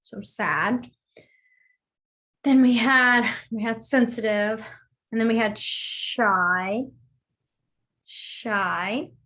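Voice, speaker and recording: A woman's voice: fairly high pitch, drawn-out words, pauses often, a bit bright. A young woman, teaching a beginner sign language class in a chatty, rambling way. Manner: chatty, rambling, apologizes for sidetracks. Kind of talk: casual online class teaching.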